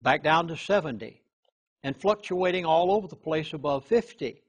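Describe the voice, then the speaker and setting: A man with a somewhat high, husky voice holds forth as a chaplain in an interview. He leans hard on key words and often restarts his sentences, giving his talk an earnest, urgent edge. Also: expressive. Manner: emphatic, punches key words, halting restarts.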